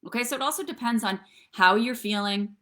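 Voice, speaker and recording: Her voice runs high, brisk, bright and forceful as this middle-aged wellness coach guides a live stream through breathwork and tapping. She keeps things chatty, checking in again and again with "okay?" and "right?".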